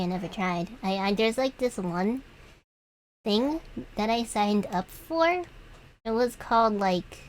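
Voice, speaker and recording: A woman's voice: mid-range voice, a little hiss or hum, poor audio. Giggly rambling young woman streamer. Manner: giggly, meandering, trailing off with fillers. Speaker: vtuber streamer. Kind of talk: rambling livestream chat while drawing.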